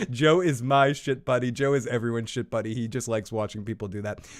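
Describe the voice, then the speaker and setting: A man co-hosting a casual review show, heaping sarcastic fake praise and laughing often. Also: a little high. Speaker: co-host.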